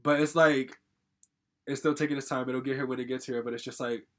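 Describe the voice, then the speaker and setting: A young man from Connecticut tells a personal story in a loose vlog style. He talks at a rapid clip, circling back on himself with constant "like" fillers and casual swearing. His voice sits in a middle register. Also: medium pitch, fairly even intonation. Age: young adult. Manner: rambling, heavy use of "like" fillers, swears casually. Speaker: storytime vlogger.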